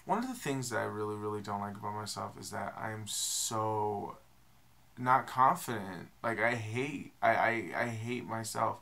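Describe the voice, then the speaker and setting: A man's voice: lowish voice, normal speed, creaky, bright, forceful tone. A young man vlogging to the camera in a casual, rambling, self-deprecating way, with many fillers. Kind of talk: casual confessional vlog.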